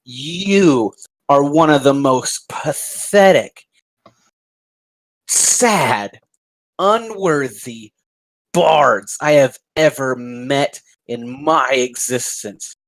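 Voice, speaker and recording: A man's voice: mid-range voice, animated, rough recording. A man doing a sneering power-mad mage. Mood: contemptuous. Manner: slow, contemptuous, drawn-out insults.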